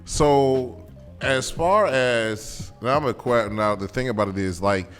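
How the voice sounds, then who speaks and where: A man hosting a casual talk show, often halting and restarting his phrases. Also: mid-range voice, fairly bright tone. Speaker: host. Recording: reverberant room with music behind.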